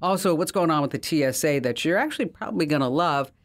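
A woman hosting a tech podcast in a casual, animated storytelling manner. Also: sits low, fast. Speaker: host.

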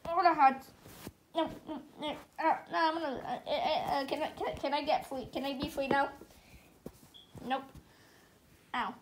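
A woman performs every role in a homemade cartoon, in a high voice. She keeps breaking into frantic yelps and cries of pain between her lines. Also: steady tone, unhurried, long pauses, noisy background. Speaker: fan animator voicing all characters.

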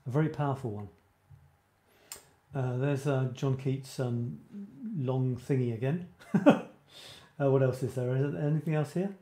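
His mid-range voice is warm and steady, and he speaks a little slowly as host of a live creative writing show. The live-stream chat is casual and rambling, with many sentences broken off midway and self-directed laughter.

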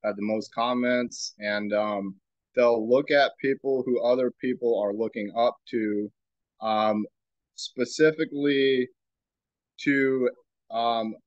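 A man hosting a podcast, giving a reflective spiritual talk in a slow, musing way and asking himself rhetorical questions. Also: mid-range voice, steady tone, no echo, dull audio. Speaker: podcast host.

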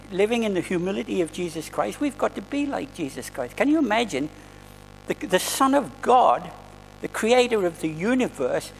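High, gravelly-voiced male preacher. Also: long reverb tail, low-quality recording. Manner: earnest, conversational preaching with restarts. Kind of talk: sermon. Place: church hall.

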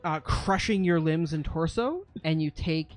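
A man's voice: on the high side, a little slow, soft background music. A man running a tabletop game as game master, narrating monster actions vividly and explaining rules, with frequent fillers.

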